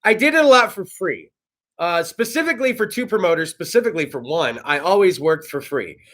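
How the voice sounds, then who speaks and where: A man's voice: high voice, expressive, fairly quick, fairly bright tone. A man in his thirties from California hosting a casual talk show, rambling and profane. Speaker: host. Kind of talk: casual monologue. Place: studio.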